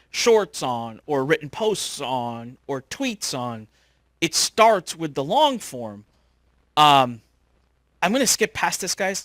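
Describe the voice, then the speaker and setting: A middle-aged man leads a class and tells his stories with plenty of swing in his voice, acting out every line of dialogue he quotes. His voice sits a little high for a man. The sound is dry and close. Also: no echo. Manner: lively, animated, acts out quoted dialogue. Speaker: course host. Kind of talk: animated storytelling to a class.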